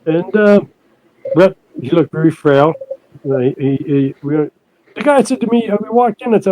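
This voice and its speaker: An older man, a guest on an interview podcast, telling stories in a halting way that repeats words, and he puts on higher voices for the people he quotes. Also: lively intonation, mellow, rough recording. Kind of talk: casual storytelling interview.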